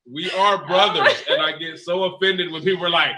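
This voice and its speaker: A man's voice: a little high, steady tone, moderate pace, hardly any pauses, background noise. A man who is a guest on an interview, joking around with playful, theatrical bits. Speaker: guest, dance fitness instructor. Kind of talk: casual interview chat.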